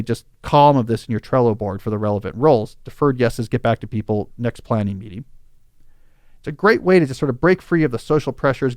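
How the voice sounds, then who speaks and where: A man's voice: medium pitch, darkish tone, smooth, no room sound, studio quality. A man hosting a podcast, explaining advice in a reasoned, conversational way. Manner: reasoned, conversational, acts out quoted scenarios. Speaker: podcast host.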